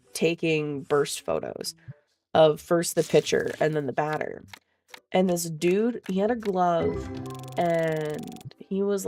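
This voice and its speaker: A woman tells a story in casual, chatty vlog style, swearing freely and laughing along the way. Her voice has a gravelly fry to it. Faint music sits in the background. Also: low voice, a little mellow. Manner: chatty, profane, laughs often. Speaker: vlogger.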